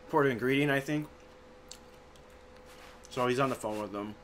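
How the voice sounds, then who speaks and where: A man's voice: mid-range voice, moderate pace, a bit bright, faint music behind. A man hosting a livestream, chatting casually and reading out viewers' names while he plays. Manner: reads chat names aloud, laid-back and chatty. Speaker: livestream host.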